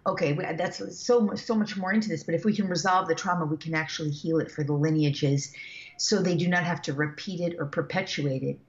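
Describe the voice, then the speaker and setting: A woman guest talking as an animal communicator, telling stories in a rambling, animated way with many fillers and restarts. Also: low-pitched, fairly quick, dull audio. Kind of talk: casual storytelling interview.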